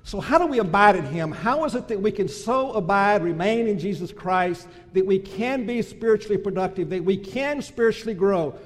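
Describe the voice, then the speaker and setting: Male preacher with a high voice, delivering a sermon with surging emphatic runs; a long hall reverb. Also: animated, normal speed, hardly any pauses. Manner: builds to loud emphatic crescendos, then drops soft.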